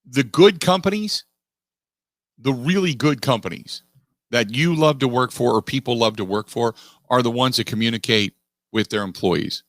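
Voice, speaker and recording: A middle-aged man hosting a sports talk radio show, making his case in an animated, emphatic way and repeating phrases for weight. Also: medium pitch, moderate pace, no echo. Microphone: studio microphone.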